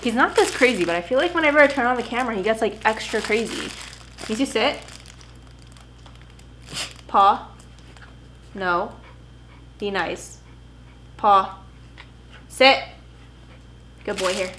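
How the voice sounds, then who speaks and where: A woman's voice: a little high, lively intonation, quick pace, fairly bright tone, a little hiss or hum, rough recording. A young woman in her twenties chatting casually at home through a camera mic, often breaking off to scold and praise her puppy. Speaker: vlogger. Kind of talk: casual unboxing vlog.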